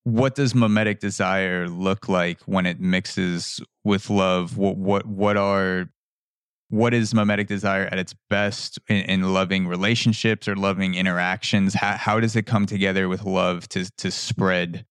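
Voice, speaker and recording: Male podcast host, steady low delivery, dry close sound, loose rambling phrasing. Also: measured pace, smooth, no echo. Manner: rambling, with frequent restarts and repeated words. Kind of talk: casual conversational interview.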